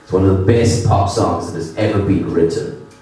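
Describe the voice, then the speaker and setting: A man doing a stand-up comedy set, self-deprecating, with halting restarts. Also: sits low, dark tone, distant mic. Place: comedy venue with audience. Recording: echoey room from afar.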